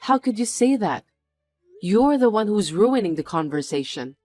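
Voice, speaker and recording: A woman's voice: mid-range voice, very animated, normal speed, a little mellow, soft background music. A woman voicing a snobbish, mocking wealthy woman who talks down to others in a drama. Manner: condescending, taunting.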